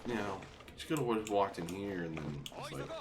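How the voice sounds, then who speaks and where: Low-voiced man chatting over gameplay. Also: animated, moderate pace, background noise. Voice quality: chatty, jokey, nosy. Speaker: gaming channel host. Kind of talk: casual let's play commentary. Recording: game music behind. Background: video game music.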